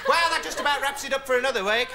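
A young man from the rambling through a dim, deadpan comic monologue, packed with "you know" and "right". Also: very high voice, racing. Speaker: comedy character presenter. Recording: old TV broadcast with loud hiss. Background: studio audience laughter.

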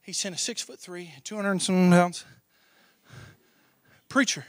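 A young male pastor preaching a sermon with passion, swinging from shouts down to hushed near-whispers. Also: high-pitched, fairly even intonation, unhurried, dry recording. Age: young adult.

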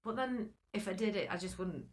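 A woman's voice: mid-range voice, a little fast. A woman in her thirties, a guest actress in a casual interview, chatty and laughing as she acts out quotes.

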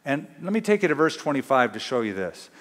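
A man's voice: mid-range voice, very animated, fast talker, big-room sound. A man preaching a sermon as pastor, emphatic and full of rhetorical questions. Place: church.

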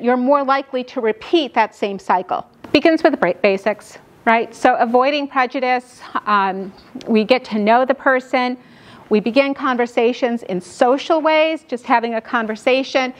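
Fast-talking New woman lecturing. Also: a little high. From New York. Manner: fast-talking, frequent "right?" checks with the audience. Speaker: lecturer on dementia care. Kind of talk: classroom lecture.

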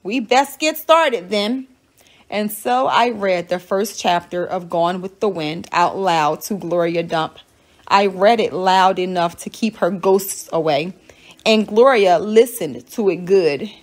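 A teacher reading a children's novel aloud in a steady, clear storytelling manner. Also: female voice, lowish voice, a little slow.

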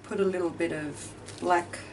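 A chatty Australian woman hosts a craft video from her home craft room, thinking aloud and poking fun at herself as she works. Her voice is fairly low and steady at a normal speed. The mic sits at a distance, and a ceiling fan adds faint noise.

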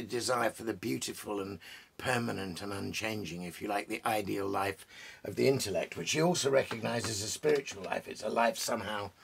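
A man's voice: lowish voice, creaky, fairly bright tone, husky. A man hosting a casual, rambling talk about poetry at home among his bookshelves, with many fillers and restarts. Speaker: poet and host.

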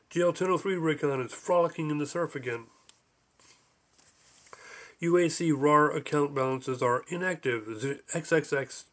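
Man narrator, slightly high voice, reading his own book, playful creature voices. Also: a bit bright. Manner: plays many odd creatures with small shifts of voice. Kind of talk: audiobook narration.

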